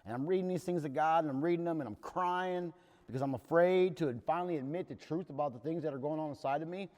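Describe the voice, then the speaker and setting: A man's voice: fairly high pitch, quick pace, darkish tone. A man leading a recovery workshop, telling his own story in a plain-spoken, earnest way. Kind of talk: candid personal talk to a recovery group. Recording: long hall reverb.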